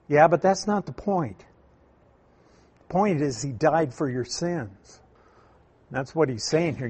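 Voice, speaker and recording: A man teaching from the Bible, explaining Greek wording in a deliberate, emphatic way and asking rhetorical questions. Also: fairly high pitch, breathy edge. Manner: emphatic, repeats key points, asks rhetorical questions; slow, deliberate delivery with stressed words.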